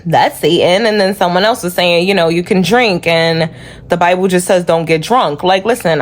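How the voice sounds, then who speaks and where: A woman's voice: fairly low pitch, expressive, normal speed. A woman from New York City with a New York accent, talking casually to camera in a vlog, chatty and earnest, with many fillers. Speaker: vlogger.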